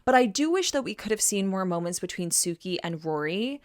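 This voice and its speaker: A woman's voice: medium pitch, brisk. Enthusiastic woman podcast co-host. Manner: enthusiastic, quotes lines in animated voices. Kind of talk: casual chat.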